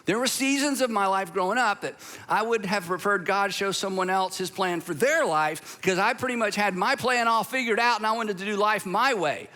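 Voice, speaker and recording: Bright-voiced older pastor. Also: male voice, high voice, normal speed. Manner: storytelling, conversational with asides. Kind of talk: sermon.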